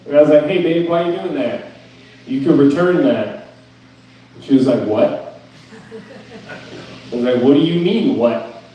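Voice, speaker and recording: A man's voice: on the high side, unhurried, pauses often, very echoey, far from the mic, lo-fi sound, a little hiss or hum. A young man doing a stand-up set at an open mic, ranting in a profane, incredulous, self-mocking way. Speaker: stand-up comedian. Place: club stage.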